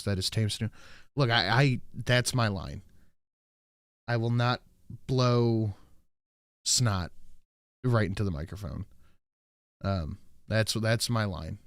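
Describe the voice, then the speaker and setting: A man's voice: lowish voice, dry recording, studio quality. Casual profane male streamer. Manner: casual, profane, reads chat names aloud. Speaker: livestream host. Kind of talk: casual livestream chat. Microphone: desk microphone.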